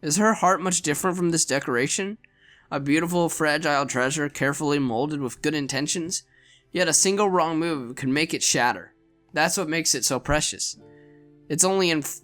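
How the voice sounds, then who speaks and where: A man reads a visual novel aloud in an earnest, expressive way, stumbling over a word now and then. His voice is bright and sits a little high for a man. Soft music runs behind him. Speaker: narrator reading a visual novel.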